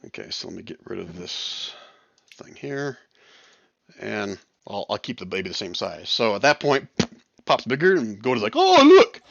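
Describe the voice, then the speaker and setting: A man narrating and running an online tabletop role-playing game as game master, relaxed and chuckling. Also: vocal fry, no echo, lo-fi sound. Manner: relaxed, chuckling, voices the crowd in quick high bursts. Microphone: headset or desk mic on voice chat.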